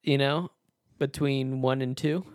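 A man's voice: mid-range voice, fairly even intonation, unhurried, dry recording, studio quality. A man co-hosting a casual podcast, playful and jokey, often laughing as he talks. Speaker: podcast co-host.

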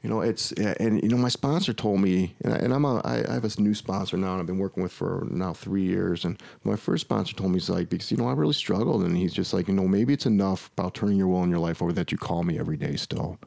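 A man's voice: low-pitched, fast talker, creaky, hardly any pauses, a little mellow. A man, a podcast guest, telling a long personal story in casual talk, full of restarts and quoted dialogue. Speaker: interview guest.

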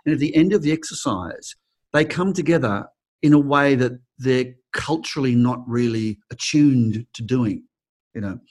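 A man's voice: mid-range voice, moderate pace. A middle-aged Australian man with an Australian accent, an acting teacher answering interview questions, telling stories expressively with frequent restarts. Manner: expressive, acts out quoted people, frequent restarts.

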